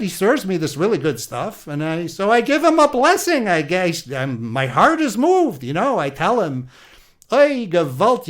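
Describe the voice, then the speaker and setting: A man doing an animated old Isaac, Yiddish-inflected. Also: on the high side. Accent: Yiddish-inflected English. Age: older. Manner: chatty, animated old-world storyteller full of Yiddish exclamations. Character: aging biblical patriarch, old man, aggrieved and storytelling. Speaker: interviewee. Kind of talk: comedic improvised interview.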